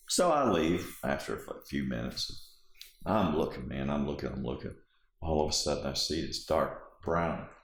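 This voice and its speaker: Guy with a really low voice telling a story from his life, doing all the voices, roomy echo. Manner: vivid storyteller acting out dialogue. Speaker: interviewee. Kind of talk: personal storytelling.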